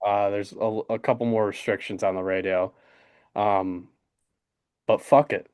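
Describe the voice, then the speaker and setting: A young man in his twenties co-hosting a casual sports podcast, excited and rambling with lots of fillers. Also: on the low side, a little slow, clean tone, no echo, studio quality. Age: 20s. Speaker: podcast co-host. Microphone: desk podcast mic.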